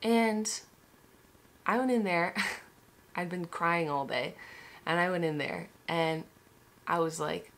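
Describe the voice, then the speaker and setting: Vlogger, young woman, slightly low voice; candid, swears, trips over her words. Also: fairly even intonation, takes it slowly, pauses often, fairly bright tone. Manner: candid, swears, many restarts and "like". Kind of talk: emotional personal story vlog.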